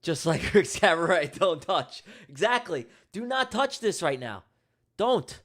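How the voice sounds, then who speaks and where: Higher-pitched man, slangy live-stream banter. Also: big pitch swings, unhurried, fairly bright tone. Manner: slangy, emphatic, repeats himself; jokey banter with viewers. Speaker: live day-trading streamer. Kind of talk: casual live-stream commentary to chat.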